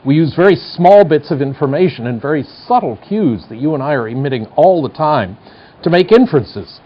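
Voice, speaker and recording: A man's voice: a little high, expressive, brisk. A man in his sixties with a General American accent and a slight Midwestern twang, giving a university psychology lecture in a wry, chatty, digressive way. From United States. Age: 60s. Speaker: psychology professor. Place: studio classroom. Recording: dull lo-fi lecture tape.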